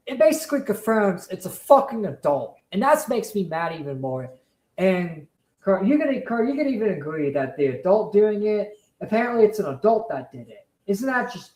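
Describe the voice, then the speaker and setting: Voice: mid-range voice, darkish tone. Profane, emphatic streamer in an echoey room. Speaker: commentary streamer. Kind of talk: heated casual rant.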